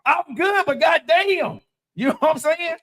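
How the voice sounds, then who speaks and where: A high-voiced man in his thirties spins a profane story with wide, swooping pitch. He talks in a casual, dramatic way and keeps asking "right?" between beats. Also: unhurried. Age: 30s. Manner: animated, dramatic, repeats "right?". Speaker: storyteller on a live-streamed talk show.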